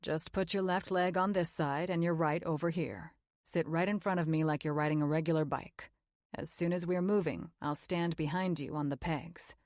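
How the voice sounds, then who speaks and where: A woman voicing a confident, teasing young man who coaxes gently, in a lowered, softer voice. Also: fairly even intonation, moderate pace, dry recording, clean studio sound, lightly acted. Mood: coaxing. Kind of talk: audiobook character voice.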